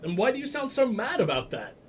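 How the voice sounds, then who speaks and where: A man's voice: extremely high pitch, very animated, fairly quick, slight background noise. A young man giving sarcastic, profane commentary while playing a game, mocking the characters. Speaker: let's play gamer.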